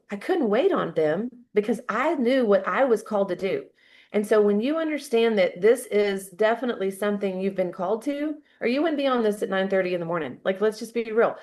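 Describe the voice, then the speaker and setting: A woman in her fifties, a guest speaker giving a fired-up motivational talk full of storytelling. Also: medium pitch.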